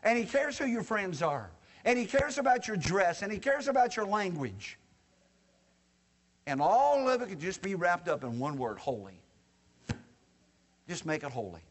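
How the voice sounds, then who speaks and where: Man preaching, folksy and joking, high voice, long hall reverb. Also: very animated, moderate pace, pauses often. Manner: folksy and joking, addressing the congregation directly. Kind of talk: sermon.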